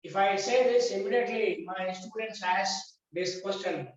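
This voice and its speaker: A man's voice: sits high, normal speed. A man with an Indian English accent, a yoga teacher lecturing his class in short, repeated, emphatic phrases. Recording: echoey dull recording from a distance.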